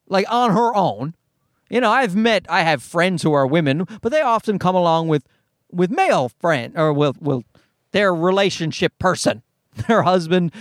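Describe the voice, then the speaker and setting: Lively, profane man ranting. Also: high-pitched, no echo, clean studio sound. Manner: profane, ranting, sarcastic, animated. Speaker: podcast host. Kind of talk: solo comedic podcast rant. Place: parked car.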